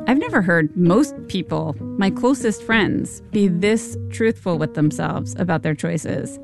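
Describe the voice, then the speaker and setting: A woman hosting and narrating a podcast. She reads her script in a measured, thoughtful way. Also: lowish voice, gravelly. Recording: narration over guitar music. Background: guitar music.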